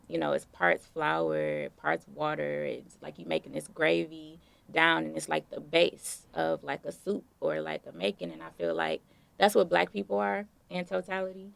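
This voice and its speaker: A young woman being interviewed, telling stories in a relaxed, casual way with plenty of fillers. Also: low voice, vocal fry, no echo. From Detroit. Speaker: guest artist.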